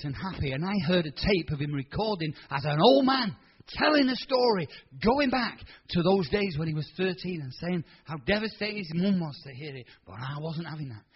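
A man in his sixties preaching a sermon, telling stories in an animated, colloquial way. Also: sits high, slightly rough, muffled recording. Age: 60s. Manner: animated, colloquial storytelling with quoted voices. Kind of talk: storytelling sermon.

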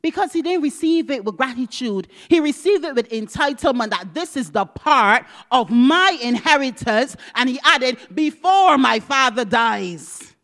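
A woman preaching a personal testimony, dramatic, moving from loud exclamations to hushed whispers and acting out dialogue. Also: sits high, expressive, moderate pace, hardly any pauses. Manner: acts out quoted dialogue with God.

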